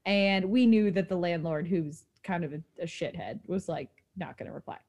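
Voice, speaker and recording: A young woman from New York, a fast-talking and animated storyteller, co-hosting a casual chat podcast. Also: fairly low pitch. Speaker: podcast co-host.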